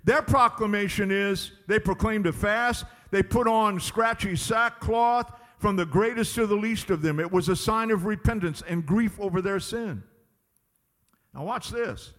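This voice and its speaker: A man's voice: sits high, unhurried, fairly bright tone, in a large hall. A man preaching a sermon as pastor, emphatic and drawing out his words. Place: church sanctuary.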